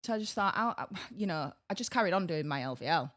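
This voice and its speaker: A woman, co-hosting a podcast and telling a story in a casual, animated way, laughing through her words. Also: on the low side, fast. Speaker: podcast co-host.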